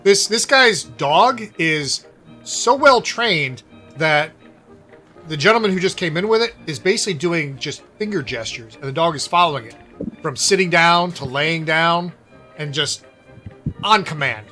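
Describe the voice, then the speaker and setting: A male game master narrates scenes in a relaxed, descriptive way. His voice is bright and forceful and sits fairly high, with faint music behind him. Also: a little slow.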